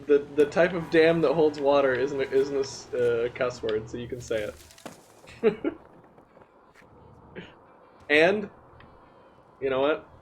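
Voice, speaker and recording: A man's voice: medium pitch, takes it slowly, long pauses, a little hiss or hum. A man hosting a live gameplay stream, chatting casually and laughing often while he plays. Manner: giggly, excitable, talks to chat. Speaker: streamer host.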